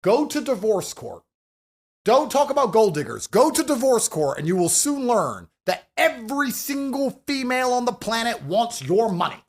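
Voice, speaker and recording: A man ranting forcefully and profanely in a heated podcast debate. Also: very high voice, very animated, moderate pace. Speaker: podcast guest.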